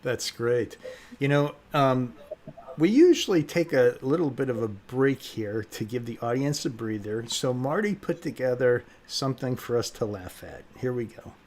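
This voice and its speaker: A man co-hosts a podcast, handing off to the next segment with easygoing chatter. His voice sits at a middle pitch, relaxed and conversational. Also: moderate pace. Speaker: podcast co-host. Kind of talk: hosting, introducing a segment.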